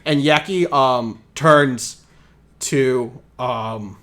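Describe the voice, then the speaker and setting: A man's voice: mid-range voice, extremely slow, a bit bright. A man narrating as game master in a casual tabletop session, rambling and full of fillers.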